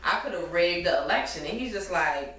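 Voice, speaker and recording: A woman's voice: on the low side, brisk. A woman in casual chat, recapping a TV episode with a co-host and retelling its scenes. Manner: animated, swearing, retelling scenes in quoted voices. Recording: echoey room, far from the mic, faint noise.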